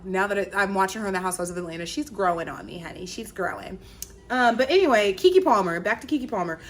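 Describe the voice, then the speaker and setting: Woman host, 30s, from Virginia, animated and chatty, slightly high voice. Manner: animated, chatty storytelling with slang. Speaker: podcast host. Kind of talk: casual chat.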